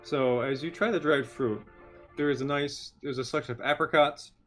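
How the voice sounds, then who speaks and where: A man running a tabletop game as game master over a video call, relaxed and a bit distracted as he narrates. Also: on the high side, moderate pace, faint music behind.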